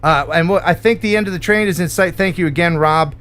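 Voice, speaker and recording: A man's voice: high voice, fast. A man in his fifties hosting a live drone stream, joking and reading out viewer donations. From United States. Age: 50s. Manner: jokey, animated, reads out viewer donations.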